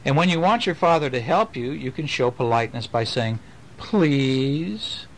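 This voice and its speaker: Father reading a bedtime picture book at home, gentle, playful, sing-song delivery, faint background noise. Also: medium pitch, animated, a little fast, low-quality recording. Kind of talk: reading a picture book aloud to his children.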